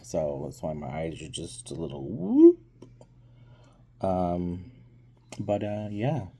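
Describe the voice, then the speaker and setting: A man's voice: low voice, huge pitch swings, slow pace, creaky, warm tone, slightly rough. A man giving a casual, hesitant movie review on his vlog, full of ums, while still getting over being sick.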